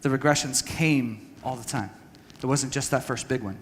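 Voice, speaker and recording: A man giving an earnest, halting talk to a church audience, telling a personal story and acting out conversations. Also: medium pitch, in a large hall, a little hiss or hum. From United States. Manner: earnest, halting with restarts, acts out dialogue. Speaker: speaker at a church training session. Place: church hall.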